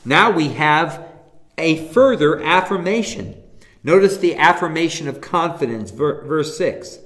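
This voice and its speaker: Male pastor leading a Bible class, slightly high voice with a very lively, rising-and-falling delivery, emphatic, quizzes the room. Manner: emphatic, asks the class rhetorical questions; reads scripture passages aloud.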